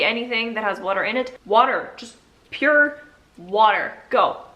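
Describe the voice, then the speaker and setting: A woman's voice: a little high, pushed and bright. A woman vlogger talking casually and playfully as she teaches basic phrases, often laughing. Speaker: language vlogger. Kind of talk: casual tutorial chat.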